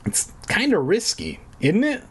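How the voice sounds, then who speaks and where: A man doing a frail little girl from a storybook who wails in a high, thin, weak voice. The voice is breathy and lifts far above a grown man's pitch. She sounds timid and whiny. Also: huge pitch swings, measured pace, full character voice. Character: timid skinny young girl, wailing.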